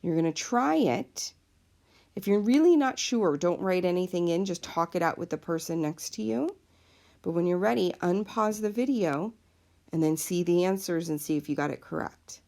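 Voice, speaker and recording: A woman's voice: on the low side, lively intonation, moderate pace, gravelly, darkish tone. A woman teacher explaining a lesson patiently, step by step, in a recorded classroom video. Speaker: Spanish teacher.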